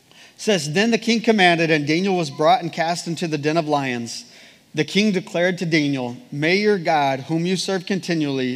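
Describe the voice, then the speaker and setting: An earnest man preaching a sermon, reading passages aloud and then circling back to his point with repeated phrases. His voice sits a little higher than most men's, and a long reverb trails off every sentence in a big church room.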